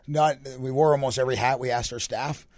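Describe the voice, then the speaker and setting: A young Canadian man, a hockey coach with a deep, raspy voice, answering radio interview questions in a relaxed, rambling way. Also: fairly quick, no echo. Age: young adult. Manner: relaxed, rambling answers with many fillers and restarts.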